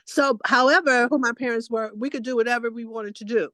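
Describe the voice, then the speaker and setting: A woman co-hosting a casual chat, telling childhood stories in a talkative way with animated quotes. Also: a little high, brisk, dry recording. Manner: chatty storytelling, animated quoting. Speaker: co-host.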